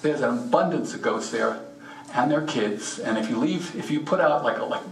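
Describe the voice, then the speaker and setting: A man's voice: medium pitch, expressive, moderate pace, soft background music. A man giving a casual slide presentation at a mineral show, plainspoken and folksy, offering practical advice directly to the audience. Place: meeting room at a rock and mineral show. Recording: echoey room, speaker far from the mic.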